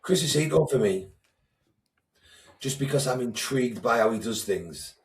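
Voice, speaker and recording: A man's voice: medium pitch, expressive, moderate pace, recorded from a distance. Blunt, swearing man in an echoey room. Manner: blunt, swears freely, retells chats in quoted voice. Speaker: podcast co-host, coach. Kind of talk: casual chat.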